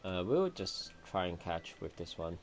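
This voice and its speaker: A man's voice: deep voice, big pitch swings, measured pace. A man giving casual commentary while playing a video game, thinking aloud and muttering to himself. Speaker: gameplay streamer.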